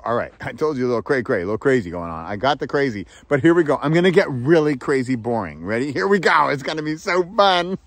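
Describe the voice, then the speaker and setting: A playful male host who swings his pitch up and down freely and throws in quick laughs. His voice is recorded close and dry, with no room sound. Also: dry recording. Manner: playful, animated, swings pitch and pace for effect; laughs between phrases. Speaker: author and audiobook narrator, video host. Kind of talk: casual talking-head vlog.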